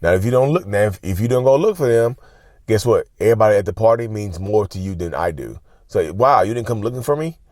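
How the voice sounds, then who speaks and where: A man's voice: fairly low pitch, expressive, fast, dark tone, no room sound, studio quality. A man hosting a casual advice vlog, talking to viewers as y'all with lots of repeats and restarts. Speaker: channel host, self-described narcissist.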